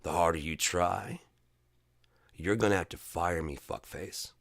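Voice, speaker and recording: A man's voice: deep voice, measured pace, vocal fry, no room sound, studio quality. A man talking in a rambling, profane, casual monologue, telling stories from his own life. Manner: profane, storytelling, jumps between topics. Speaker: vlogger.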